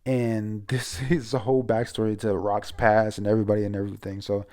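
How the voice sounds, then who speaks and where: A man's voice: fairly low pitch, flat delivery, fairly quick, a little mellow. A young man casually reviewing a comic chapter, rambling and profane with lots of restarts. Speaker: manga reviewer.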